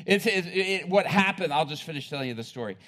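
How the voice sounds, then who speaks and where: A man preaching a sermon, telling a story with rising excitement, laughing often and building to loud peaks. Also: sits high, fast.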